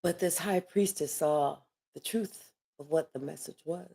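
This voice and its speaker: A woman's voice: deep voice, a little slow, creaky, dark tone, slightly rough. A woman giving a casual live tarot reading, talking in a rambling, chatty way and swearing freely. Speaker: tarot reader.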